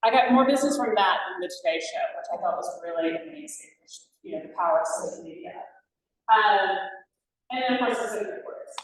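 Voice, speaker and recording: A woman's voice: mid-range voice, animated, a little fast. A middle-aged woman, an entrepreneur, speaking casually to an audience in a rambling way, with many fillers and self-corrections. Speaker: entrepreneur giving a talk. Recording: very echoey room, distant mic.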